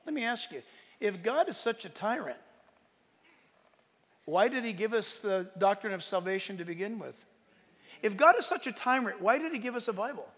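A man preaching a sermon as pastor, with emphatic rhetorical questions and sudden soft asides. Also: high-pitched, lively intonation, normal speed, long pauses, in a large hall. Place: church sanctuary.

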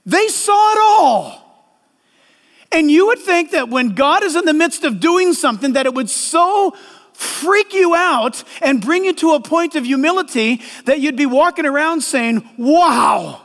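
A man preaching a sermon as a pastor, animated and acting out voices in the quotes. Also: extremely high pitch, normal speed, long reverb tail.

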